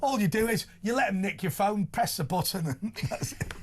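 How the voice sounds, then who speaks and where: A man's voice: high-pitched, lively intonation, normal speed, a little mellow, slight background noise. A man hosting a talk radio show, blunt and provocative, often laughing at his own jokes. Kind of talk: opinionated talk show banter.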